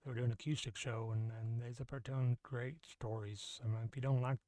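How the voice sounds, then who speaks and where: A man's voice: mid-range voice, steady tone, quick pace, mellow, no room sound. A man hosting his own vlog, chatting casually and rambling with many fillers. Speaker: vlog host. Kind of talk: casual chat.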